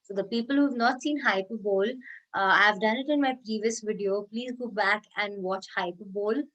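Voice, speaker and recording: A woman's voice: medium pitch, normal speed, fairly bright tone, dull audio. A woman giving an online lecture, explaining with spoken examples and frequent fillers and restarts. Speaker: English teacher.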